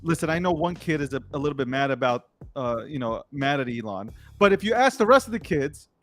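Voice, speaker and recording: A man co-hosting a late-night talk show, his voice sitting somewhat high for a man. He talks in a slangy, emphatic, rambling way, and faint music plays underneath. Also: lively intonation, brisk. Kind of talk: casual talk-show commentary.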